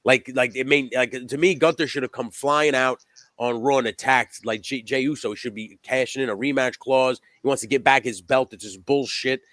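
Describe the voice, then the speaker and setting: Male podcast co-host, mid-pitch, rambling and emphatic, swears a lot, dry studio sound. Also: fairly even intonation, normal speed, fairly bright tone, no room sound. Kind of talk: casual wrestling chat.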